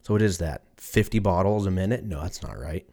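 A man's voice: deep voice, a little fast, mellow. A man in his thirties hosting a podcast on his own, rambling, swearing casually and laughing at his own jokes. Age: 30s. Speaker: podcast host. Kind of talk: casual solo podcast chat.

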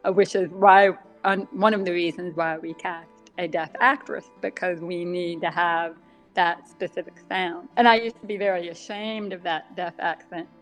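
A woman guest in a casual interview, speaking with a deaf accent that makes some sounds slightly different, chatty and quick to laugh at herself. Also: on the low side, fairly even intonation, faint music behind. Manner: chatty, laughs often, self-deprecating asides. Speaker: guest author.

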